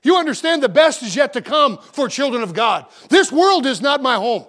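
Middle-aged man, pastor, very high voice, earnest sermon delivery with frequent repeats. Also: big pitch swings, a bit bright. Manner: fervent preaching, with frequent repeated words and restarts; slows to a measured cadence when reading scripture.

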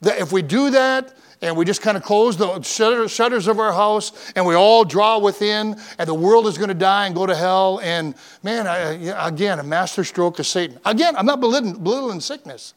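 Male pastor, high-pitched, fervent and emphatic, sermon delivery with repeated lists. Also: normal speed, hardly any pauses. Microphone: church microphone, broadcast on radio.

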